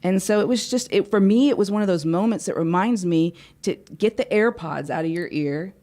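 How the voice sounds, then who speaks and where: A woman's voice: medium pitch, normal speed. A woman guest, a life coach, telling a personal story in a studio interview and acting out the dialogue. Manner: animated storyteller, acts out dialogue. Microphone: studio microphone.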